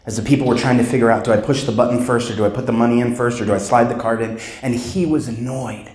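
A man giving a keynote speech at a conference, telling a story with dramatic pauses and acted-out sounds. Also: mid-range voice, flat delivery, a little mellow. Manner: dramatic storyteller, acts out sounds and voices, slows for emphasis. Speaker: keynote speaker. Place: conference hall. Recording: echoey hall sound.

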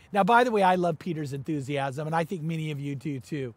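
A man preaching a sermon as pastor, animated and quick to raise his voice for emphasis. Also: a little high, slightly rough, no room sound.

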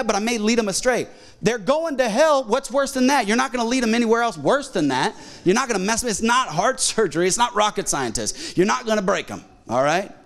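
High-voiced animated male pastor. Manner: animated, jumps into quoted voices. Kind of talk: sermon. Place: church auditorium.

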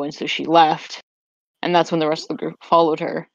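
A woman's voice: sits low, little pitch movement, a little fast, vocal fry, no room sound. A woman casually recapping a tabletop game on a podcast, rambling and restarting sentences as she remembers. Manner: rambling, restarts sentences while recalling events. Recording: slightly muffled dry recording.

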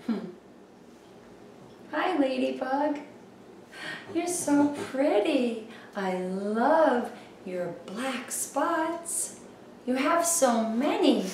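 A woman's voice: sits high, animated, very slow, heavy reverb, recorded from a distance, a little hiss or hum. A woman hosting a children's show, singing rhymes and chatting playfully with little whoops. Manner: playful, sing-song, exclaims little whoops. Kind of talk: singing and rhyming for young children.

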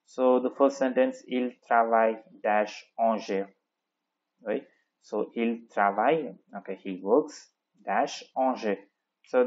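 A man's voice: medium pitch, muffled recording. A male French teacher explaining grammar step by step in a patient classroom manner, often checking in with the listener.

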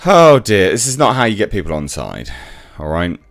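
A deep-voiced man rants sarcastically as a reviewer. His delivery is lively and swings up and down, and the sound is dry with faint music underneath. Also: moderate pace, dry recording. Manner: sarcastic, exasperated, mocking. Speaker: YouTube reviewer. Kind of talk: ranting commentary.

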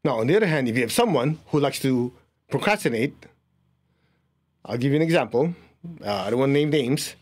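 A man's voice: mid-range voice, lively intonation, fairly quick, pauses often, darkish tone. A man teaching an energy healing class, leading a live audience through a guided exercise. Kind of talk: guided group lesson.

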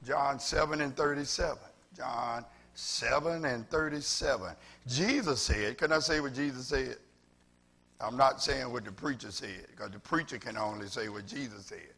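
Bright-voiced Southern preacher man. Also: mid-range voice, normal speed, creaky, slightly rough. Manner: repeats phrases, builds from quiet to loud preaching. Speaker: pastor. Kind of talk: sermon. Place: church with several cameras.

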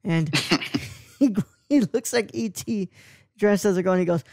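A man's voice: sits high, a little slow, no echo, studio quality. A young man as a podcast guest, talking casually about a film, rambling and searching for words. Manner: rambling, repeats "what's it called", animated.

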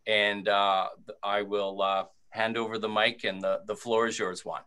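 A man hosting a webinar over a video call, introducing a guest in a measured way with frequent fillers. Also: on the low side, little pitch movement, sharp tone, smooth. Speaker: webinar host.

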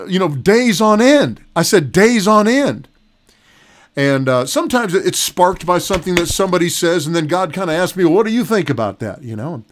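Chuckling often and circling back to the same phrases, a middle-aged man preaches in a folksy, conversational way. It's a laid-back broadcast sermon from a pastor whose voice runs slightly high for a man.

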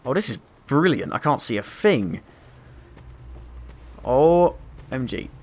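Guy, gameplay commentary, mid pitch, jumpy and sweary. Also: slow. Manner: excitable, swears, panics and laughs at himself. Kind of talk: let's play commentary.

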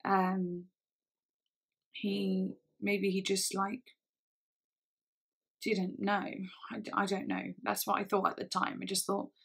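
A woman telling a personal story in a storytime vlog, speaking haltingly with frequent pauses and restarts. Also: mid-range voice, creaky, fairly bright tone, slightly rough. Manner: halting, hesitant speech with many restarts. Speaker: vlogger.

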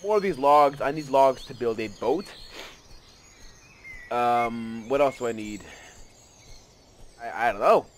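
A man giving casual let's play commentary, excitable and rambling, often gasping and joking at himself. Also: mid-range voice, slow pace, pauses often, a little hiss or hum. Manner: excitable, rambling, gasps and self-mocking asides.

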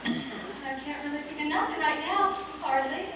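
A woman's voice: high voice, normal speed, pushed and bright. A woman playing a spirited young farm girl. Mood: teasing. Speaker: stage actor. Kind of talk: amateur stage musical acting. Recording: echoey stage hall, far-off mic, background noise.

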